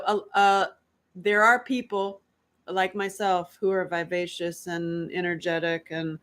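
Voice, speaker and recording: A middle-aged woman from North Carolina talking to her viewers in a loose, unscripted chat. Her voice sits a little low, and she speaks with candid, animated energy, laughing easily and darting into quick asides. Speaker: host. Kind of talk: casual live-stream chat.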